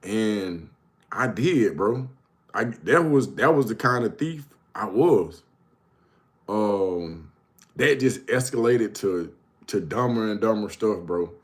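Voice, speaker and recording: A man's voice: fairly low pitch, expressive, slow. A man hosting his own show, telling stories casually, often laughing and calling the listener bro. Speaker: host. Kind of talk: casual storytelling.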